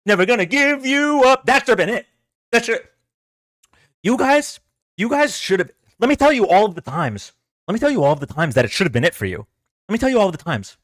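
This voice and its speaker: A man with a high, lively voice argues with his livestream chat, sarcastic and exasperated. He repeats himself to press a point. The sound is dry and close. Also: fairly quick, pauses often, no echo. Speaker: political livestream host. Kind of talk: casual livestream commentary to chat.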